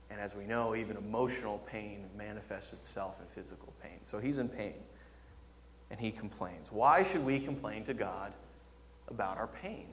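A man preaching a sermon, jumping from loud, excited exclamations to quiet, low emphasis. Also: normal speed, slight background noise. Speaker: pastor. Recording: long hall reverb.

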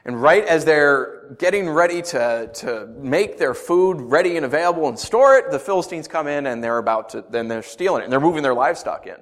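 A middle-aged man preaching a sermon in an animated, conversational way. His voice sits a little higher than most men's, and he moves between scripture reading and off-the-cuff asides. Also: brisk, few pauses. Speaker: pastor.

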